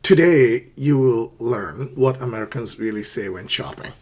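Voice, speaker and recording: Husky-voiced man teaching English. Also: medium pitch, normal speed, a little mellow. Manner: explains step by step, acts out shop dialogues; frequent fillers and check-ins like okay. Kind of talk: English lesson for learners.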